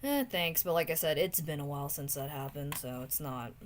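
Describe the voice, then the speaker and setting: A young woman streamer chatting casually with viewers while drawing, often trailing off into soft muttering to herself as she works. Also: sits low, brisk, a little hiss or hum. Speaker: streamer drawing art requests.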